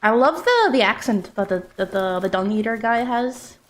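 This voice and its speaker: A woman's voice: on the high side, lively intonation, moderate pace. A woman game streamer chatting casually as she plays, reading out and answering viewer messages. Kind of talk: casual live-stream chat while playing.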